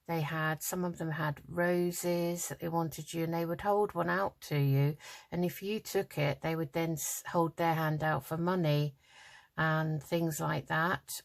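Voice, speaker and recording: An older woman from the UK, chatting in a rambling way with many ums while she crafts at home, a little tired and yawning. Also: low voice. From United Kingdom. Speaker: craft vlogger. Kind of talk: casual chat while crafting.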